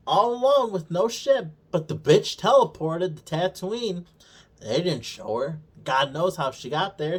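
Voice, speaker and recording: Sarcastic man swearing through a recap. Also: on the high side. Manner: sarcastic, swears a lot, acts out characters' lines mockingly. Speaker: show co-host reviewing a TV series. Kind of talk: casual profane recap.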